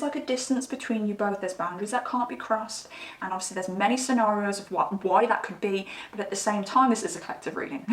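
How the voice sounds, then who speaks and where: Giggly tarot reader woman, echoey room. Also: mid-range voice. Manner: giggly, chatty, breaks into laughter. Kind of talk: casual tarot reading monologue. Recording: echoey room, mic at a distance.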